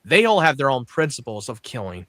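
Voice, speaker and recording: Bright sharp-sounding guy, blunt and sweary, casual review chat, dry close mic. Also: mid-range voice, very animated, fairly quick, no echo. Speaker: podcast co-host.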